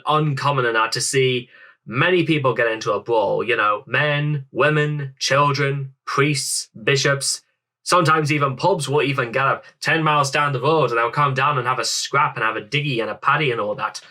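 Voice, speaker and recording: A man's voice: mid-range voice, moderate pace, sharp tone. A young man hosting a reaction video, rambling theatrically while putting on a thick Irish accent over his English roots. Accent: put-on Irish. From England. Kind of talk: casual reaction commentary.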